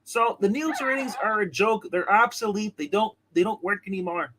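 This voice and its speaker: Bright, high-voiced man ranting. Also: brisk, slight background noise, poor audio. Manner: rambling, with many restarts and heated rants. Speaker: co-host of a show reviewing comics and TV. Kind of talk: casual review chat.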